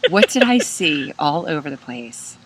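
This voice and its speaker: A woman's voice: sits low, big pitch swings, a little slow. A woman in her thirties co-hosting a podcast, chatting casually and playfully, laughing often. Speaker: podcast co-host. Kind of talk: casual chat.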